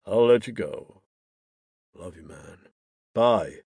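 Male narrator doing a low-voiced, apologetic buddy with a husky tone, close and dry. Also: expressive, slow, a little mellow, dry recording, full character voice. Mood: pleading. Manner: apologetic, pleading. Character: remorseful young man, the narrator's best friend.

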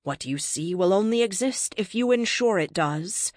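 A woman voicing a calm, cryptic ancient cosmic being in a science fiction story, speaking in terse, measured pronouncements. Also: medium pitch, dry recording, clean studio sound, close to an everyday voice. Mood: explaining. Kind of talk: audiobook character reading.

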